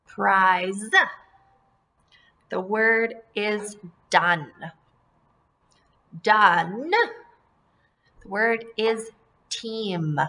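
A woman teaching a phonics lesson to young children, modeling words slowly and repeating them in a sing-song, encouraging way. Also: medium pitch, pushed and bright. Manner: slow, drawn-out word modeling, sing-song repetitions; encouraging, addresses children as friends and folks.

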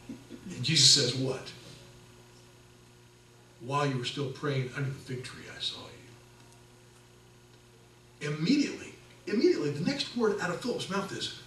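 A middle-aged man preaching a sermon as pastor, conversational and animated, acting out the people in his stories. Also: a little high, moderate pace, long pauses, slight background noise. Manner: conversational, animated storytelling with acted quotes. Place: church sanctuary. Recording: echoey church from a distance.

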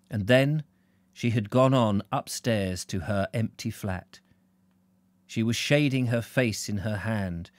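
Expressive man reading a novel aloud. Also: mid-range voice, no room sound. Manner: expressive, correcting his slips aloud. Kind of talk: live audiobook reading.

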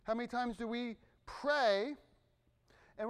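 Animated, high-pitched male preacher. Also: moderate pace. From Irish family background. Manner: conversational, animated preaching with asides to the congregation. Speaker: pastor. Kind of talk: sermon.

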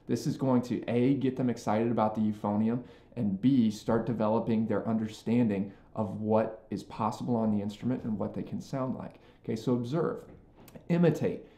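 A man's voice: medium pitch, warm tone. A man, a music teacher, giving an earnest lesson to band directors and checking in often with "okay?" and "right?". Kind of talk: instructional talk to band directors. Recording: roomy echo.

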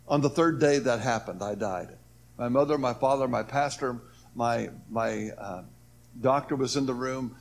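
A man's voice: medium pitch, normal speed, slight background noise. Earnest man telling a testimony. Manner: earnest, voice rises and falls with the story, acts out quoted speech. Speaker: speaker telling his near-death story. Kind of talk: personal testimony, storytelling.

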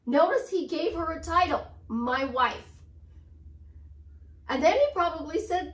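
Upbeat high-voiced woman life coach. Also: expressive, unhurried, long pauses, a bit bright. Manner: upbeat, repeats affirmations, chatty asides. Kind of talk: casual motivational talk to camera. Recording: roomy sound, distant from the mic.

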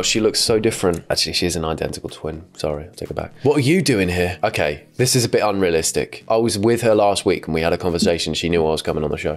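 Brief: young man, low-pitched, wry let's-play commentary, light music behind. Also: lively intonation, quick pace, hardly any pauses. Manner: sarcastic, joking asides. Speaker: gaming YouTuber.

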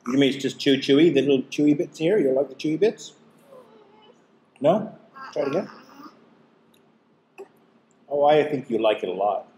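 A man talks casually as the host of a family taste-test vlog. He is chatty, walks through what he tastes in plain terms, and gently teases along the way. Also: mid-range voice, animated, moderate pace, pauses often. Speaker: host and dad.

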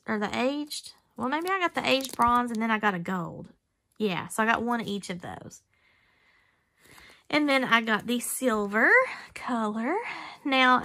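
A chatty woman vlogger with a slightly high voice that has a gravelly, fry-tinged edge. She talks in a casual, gushing way and breaks into excited squeals. Her tone is bright and forceful. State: out of breath. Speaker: jewelry-making vlogger. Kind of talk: casual unboxing chat.

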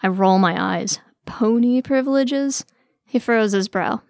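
A woman's voice: mid-range voice, fairly even intonation, moderate pace, vocal fry, no echo, clean studio sound. Wry woman narrating a story. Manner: wry, weary, sardonic. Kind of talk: first-person story narration.

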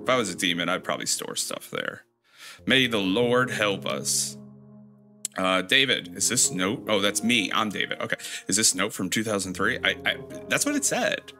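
Man, horror game commentary, joking, sarcastic, very animated pitch, faint background music. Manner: joking, sarcastic, reads game notes aloud; playfully mocks the game with sudden high squeals. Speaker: gameplay commentator.

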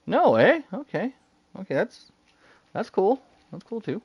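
An excitable man narrates his own gameplay, talking to himself with frequent bursts of laughter. His voice sits fairly high and swings widely in pitch. The recording is close and dry, with no room sound. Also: a little slow, breathy edge, no echo, lo-fi sound. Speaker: gaming streamer. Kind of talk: live game commentary.

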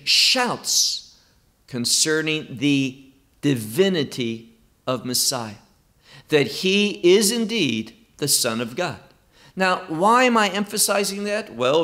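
Male Bible teacher, slightly high voice, unhurried and emphatic, explaining scripture. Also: a bit bright. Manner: slow, emphatic, quoting scripture verse by verse.

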